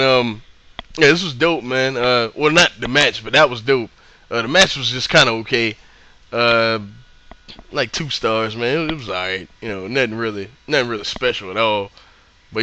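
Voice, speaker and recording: Bright-voiced man, chatty and excitable. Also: medium pitch, slight background noise. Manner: laid-back and excitable, laughs often, slangy, repeats himself. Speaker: wrestling show reviewer. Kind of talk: casual unscripted review.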